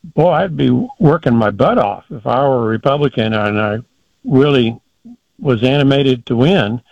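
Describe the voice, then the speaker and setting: An older man giving political commentary as a guest in a measured, folksy, deliberate way. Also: mid-range voice, animated, creaky, a little mellow, no room sound, muffled recording.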